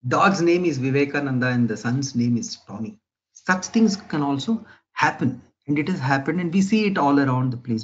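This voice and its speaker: A man's voice: on the high side, lo-fi sound. A man giving a lecture in a conversational way, often checking in with his listeners. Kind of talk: spoken lecture.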